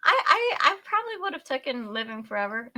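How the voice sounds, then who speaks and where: High, bubbly, animated young woman. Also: brisk. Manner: lively, laughs often, acts out her own past reactions with loud squeals. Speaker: podcast guest. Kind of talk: animated casual storytelling.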